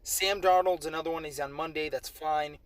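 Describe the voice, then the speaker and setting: A man with a somewhat high voice runs through a casual fantasy football preview late at night. He sounds worn out and slurs a little. He rambles and corrects himself as he goes. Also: fairly even intonation, moderate pace, a bit bright, low-quality recording. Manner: slightly slurred, rambling with self-corrections. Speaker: fantasy football league host. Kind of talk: casual game preview commentary.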